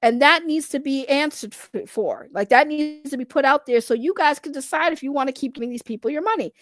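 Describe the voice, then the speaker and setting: A woman's voice: high-pitched, fairly quick, no room sound. A woman doing casual livestream commentary, rambling and blunt, swearing freely and laughing often. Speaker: online commentator.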